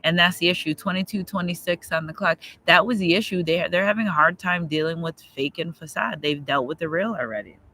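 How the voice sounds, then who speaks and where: A man's voice: fairly high pitch, fairly quick, hardly any pauses, bright, forceful tone, slight background noise, low-quality recording. A man giving a live tarot reading outdoors, talking straight to his viewers in an emphatic, slangy way. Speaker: tarot reader.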